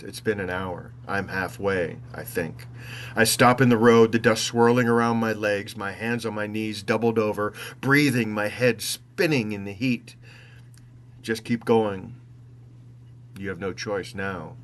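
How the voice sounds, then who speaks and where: A man with a fairly low voice reads his own travel story aloud, unhurried and reflective. He wanders off into wry asides and sometimes corrects himself mid-line, over a faint hum in the background. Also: fairly even intonation, a bit bright. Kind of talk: first-person travel story narration.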